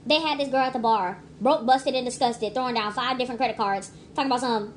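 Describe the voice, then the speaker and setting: A woman's voice: on the high side, fast, hardly any pauses, slight background noise. A young woman casually rambling through a movie review, chatty and emphatic with lots of restarts.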